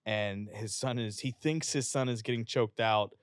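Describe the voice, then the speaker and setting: A man's voice: lowish voice, moderate pace, clean tone, dry recording, clean studio sound. A young man from West Virginia, a fitness influencer, telling stories in a casual, profane way and acting out the people he quotes. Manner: profane, animated storyteller who acts out quotes. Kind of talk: casual storytelling. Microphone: podcast studio microphone.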